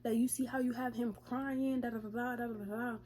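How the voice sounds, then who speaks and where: A woman voicing a furious young woman, a jealous ex who keeps repeating her accusations in a shrill voice. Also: fairly even intonation, a little fast, a little mellow, natural voice. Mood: furious accusing. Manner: shrill, repeating each line.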